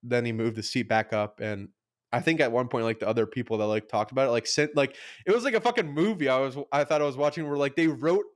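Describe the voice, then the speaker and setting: A man's voice: medium pitch, animated, quick pace. A young man co-hosting a podcast, telling a story in casual chat, rambling with lots of "like", swearing and acting out quotes. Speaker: podcast co-host.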